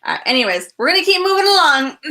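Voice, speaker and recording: A woman giving a casual spirit reading as a medium, halting and full of fillers, frank and breaking into laughs. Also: sits high, sing-song, sharp tone. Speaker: psychic medium.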